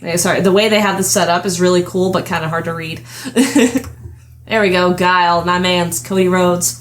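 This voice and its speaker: A woman's voice: lowish voice, unhurried, slight background noise. A young adult woman hosting a casual podcast chat, chatty and giggling often as she trails off and restarts her thoughts. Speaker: podcast host.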